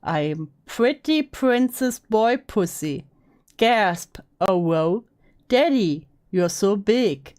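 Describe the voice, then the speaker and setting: A woman voicing a simpering, childish uwu girl with exaggerated cutesy baby talk and drawn-out whimpers, as a mocking dramatic reading. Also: medium pitch, animated, a little mellow. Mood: whimpering. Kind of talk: mock dramatic reading of comments.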